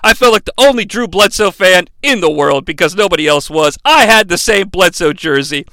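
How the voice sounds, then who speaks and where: A man's voice: high-pitched, expressive, fairly quick, pushed and bright, dry recording. A man hosting a podcast, recapping a wrestling match in a chatty, profane, enthusiastic way. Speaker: podcast host.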